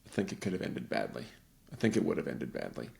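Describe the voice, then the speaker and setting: A man's voice: extremely low pitch, big pitch swings, fast talker, creaky, darkish tone. A middle-aged man in casual conversation, telling a rambling story and acting out the voices of the people in it.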